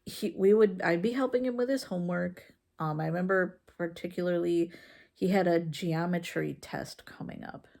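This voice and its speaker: Mom vlogger, low gravelly voice, unhurried, halting, frank storyteller. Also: female voice, a little mellow. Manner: slow, halting, with many fillers and restarts; frank and conversational. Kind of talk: casual personal storytelling.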